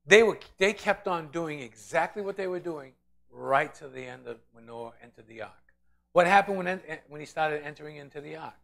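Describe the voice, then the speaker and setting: A man leads a Bible study in a loose, conversational sermon. His voice sits a little high for a man. He tells the story with energy and slips into the voices of the characters as he goes. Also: fairly quick, creaky. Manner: animated storytelling, acting out quoted voices. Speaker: pastor teaching Bible study. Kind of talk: informal sermon.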